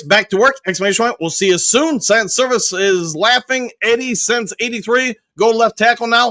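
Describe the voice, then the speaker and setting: A man hosts a casual live stream and reads viewer comments aloud, answering each one in turn. His voice sits high for a man and sounds bright and forceful. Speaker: livestream host reading chat. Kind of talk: casual live chat reading.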